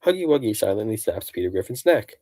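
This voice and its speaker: Low-voiced guy kinda out of breath, rambling through game results on stream. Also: big pitch swings, fast talker, dark tone. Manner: rambling, offhand, jokey asides. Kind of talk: casual livestream chat, reading game events aloud.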